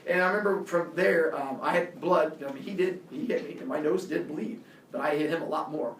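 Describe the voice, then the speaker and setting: A man's voice: a little high, a little fast, roomy sound, recorded from a distance, slight background noise. A man, a coach, telling a personal story casually and acting out the voices of the people in it. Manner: animated, acts out quoted voices.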